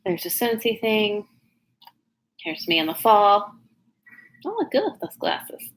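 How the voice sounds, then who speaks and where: A woman's voice: medium pitch, sing-song, measured pace, a little hiss or hum, poor audio. A woman from Oklahoma with a Southern accent, a business coach chatting casually and bubbly on a livestream, rambling with fillers. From Oklahoma, USA. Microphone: no external mic plugged in.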